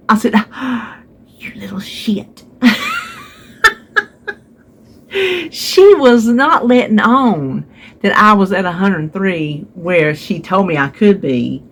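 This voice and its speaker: Recording herself at home on a phone, a North Carolina vlogger shares the story of a therapy visit with her viewers, complete with voiced quotes. Her voice is medium-pitched and a bit bright.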